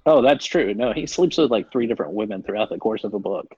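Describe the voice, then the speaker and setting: An excitable man rambles through a podcast chat in a husky voice. The sound is dry and a bit dull, as if through a modest mic. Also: lowish voice, fast talker, no echo. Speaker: podcast co-host. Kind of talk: casual chat.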